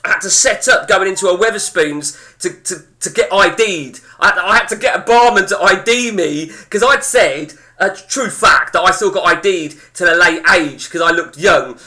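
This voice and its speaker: A man's voice: sits high, moderate pace, hardly any pauses, sharp tone. A man, telling a rambling, sweary story to his chat as a game streamer.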